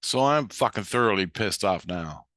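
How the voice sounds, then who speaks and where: Low-voiced guy ranting a story, cussing nonstop, bright edge, dry sound. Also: expressive, moderate pace, dry recording. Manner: profane, heated and blunt. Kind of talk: casual storytelling.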